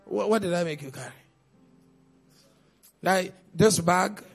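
A man preaching a sermon as pastor, with pointed rhetorical questions and sudden loud outbursts. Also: high voice, a little slow, gravelly, husky, soft background music.

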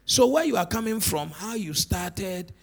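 A man preaching a sermon as pastor, animated and repetitive, swinging between shouts and low murmurs. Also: measured pace, creaky. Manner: repeats words for emphasis.

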